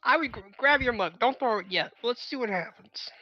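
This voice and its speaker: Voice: mid-range voice, lively intonation, a little fast, pushed and bright, muffled recording. A player in a tabletop game, cautious and laughing in casual chat, stammering.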